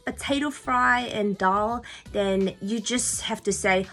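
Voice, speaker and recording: Woman, young, Indian English accent, Lotha first language, vlogger, animated casual chat, middle pitch, faint background music. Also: takes it slowly, hardly any pauses. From Nagaland, India. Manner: animated, jokey, mimics voices and accents.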